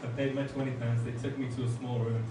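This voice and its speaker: A man doing a stand-up comedy set, telling deadpan one-liners with pauses for laughs. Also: mid-range voice. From outside England. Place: comedy club stage with audience laughter. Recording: echoey club from far off, noisy.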